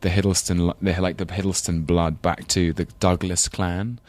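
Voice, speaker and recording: A man's voice: sits low, flat delivery, normal speed, a little mellow. A man with a London English accent, a podcast guest talking casually, thoughtful and hesitant with frequent ums and restarts. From England. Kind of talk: casual interview chat.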